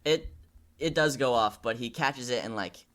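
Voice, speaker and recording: A man's voice: mid-range voice, normal speed, a bit bright. A man narrating a tabletop game as game master, casual and hesitant, with many fillers.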